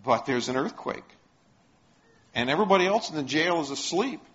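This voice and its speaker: A man's voice: on the high side, animated, moderate pace, a bit bright. A man preaching a sermon, retelling stories and putting questions to the congregation. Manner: storytelling, asks the congregation questions. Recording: dull lo-fi sound.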